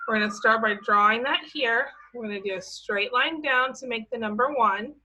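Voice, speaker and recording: Woman, preschool teacher, fairly high voice, patient and encouraging. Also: bright, forceful tone, rough recording. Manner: slow, patient, sing-song and encouraging. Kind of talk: teaching a worksheet to young children.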